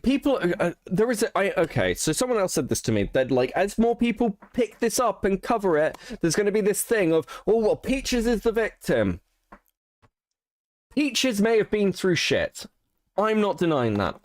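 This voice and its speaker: A man's voice: high voice, dry recording, studio quality. A man hosting a casual commentary stream, swearing and restarting as he gets worked up. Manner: heated, swearing, frequent restarts. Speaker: stream host.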